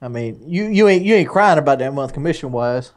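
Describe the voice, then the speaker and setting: A man's voice: mid-range voice, animated, fairly quick. A man co-hosting a podcast, joking casually. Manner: casual, joking salesman banter. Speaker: podcast co-host.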